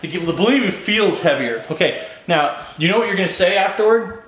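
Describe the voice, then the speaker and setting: A man's voice: high voice, animated, brisk, fairly bright tone, a little hiss or hum. A man chattily coaxing his kids through a home experiment in a kitchen, laughing between instructions. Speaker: parent running a home experiment. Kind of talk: home video, coaching kids. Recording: echoey kitchen.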